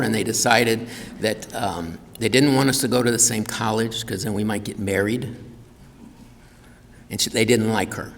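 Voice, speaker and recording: A man giving a humorous keynote talk, telling family stories and acting out relatives in quoted voices. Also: medium pitch. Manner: animated, acts out family members in quoted voices. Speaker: keynote speaker. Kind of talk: humorous personal storytelling. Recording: reverberant hall.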